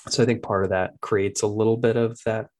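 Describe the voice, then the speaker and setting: A young man chatting casually as a podcast guest, telling animated parenting stories and mimicking his toddler in a high voice. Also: a little fast. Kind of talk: casual chat.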